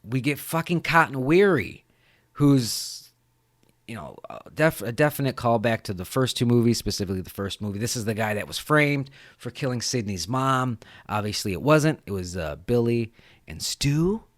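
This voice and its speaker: A man's voice: mid-range voice, moderate pace, no room sound, studio quality. A man hosting a podcast, recapping a movie scene in a casual, rambling way with lots of swearing. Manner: animated, profane, rambling. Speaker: podcast host.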